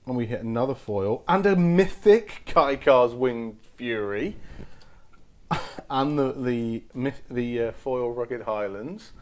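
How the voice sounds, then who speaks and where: Excitable man opening card packs. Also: medium pitch, slight background noise. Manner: excitable, exclaims at each pull. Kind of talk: casual commentary while opening packs.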